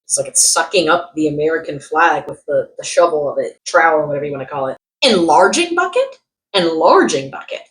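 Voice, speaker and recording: A young woman vlogging comedic product reviews, sarcastic and animated, jumping from loud outbursts to muttered asides. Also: deep voice, quick pace, hardly any pauses, rough recording. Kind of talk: casual comedic commentary.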